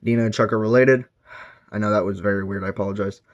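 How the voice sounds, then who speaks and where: A man's voice: on the low side, steady tone, quick pace, muffled recording. Rambling young-sounding man reviewing a book. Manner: rambling, filler-heavy, self-correcting.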